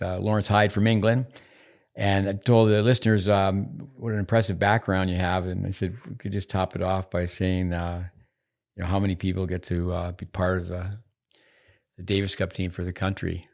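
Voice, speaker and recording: A man's voice: deep voice, flat delivery, normal speed, creaky, darkish tone. An older man hosting a podcast, chatting in a teasing, rambling way with lots of restarts. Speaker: podcast host. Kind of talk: casual podcast chat. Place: at a table in a studio.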